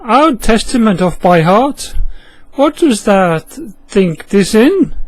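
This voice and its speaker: Man voicing Jesus, Yorkshire accent, homely, plain-spoken, high, unhurried. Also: sing-song, no echo, exaggerated voice, low-quality recording. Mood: kindly. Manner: homely, calls people lad.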